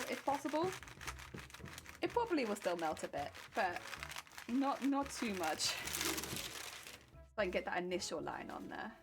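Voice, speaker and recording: A woman's voice: medium pitch, background noise. A young woman from Wales chatting casually on a livestream while ironing fabric, reading chat aloud and laughing often. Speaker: craft streamer.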